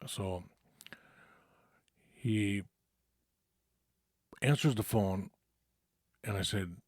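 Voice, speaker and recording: A man with a fairly low voice tells a story from his own life in loose, casual talk. He swears often and keeps restarting sentences with plenty of ums and uhs. The recording is dry, with no room sound. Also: extremely slow, no room sound. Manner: rambling, profane, many fillers and restarts. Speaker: storyteller recounting his past.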